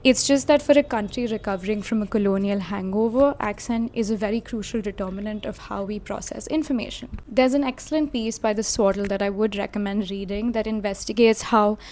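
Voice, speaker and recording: A woman's voice: mid-range voice, brisk, hardly any pauses, a little mellow. A woman from India reading a scripted video essay, reflective and lightly casual, with frequent hedging fillers. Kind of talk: scripted commentary.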